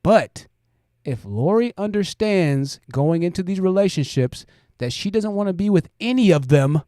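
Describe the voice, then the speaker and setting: A man's voice: high voice, animated, normal speed, mellow, dry recording, studio quality. A man hosting a livestream, giving blunt commentary and talking straight to his chat. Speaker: host.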